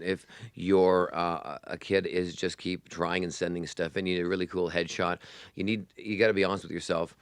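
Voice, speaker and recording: A middle-aged man rattles along at a quick clip, chatty and joking. His voice sits on the low side and sounds dry and close, with no room around it. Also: gravelly, smooth, dry recording. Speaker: guest magician and producer. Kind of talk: casual chat.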